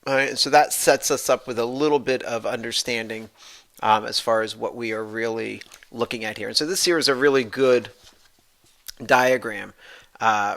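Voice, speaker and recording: A man's voice: mid-range voice, creaky, fairly bright tone. A man, a professor, giving a recorded anatomy lecture, explaining step by step and restating his points with many fillers.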